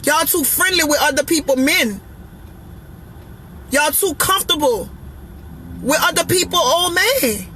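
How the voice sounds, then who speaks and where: Woman, high-pitched, bright, emphatic, repetitive, sassy, faint background noise. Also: rough recording. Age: adult, parent of children. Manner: emphatic, preachy, repeating lines for effect; sassy, blunt. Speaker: vlogger giving relationship opinions. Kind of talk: casual monologue to camera.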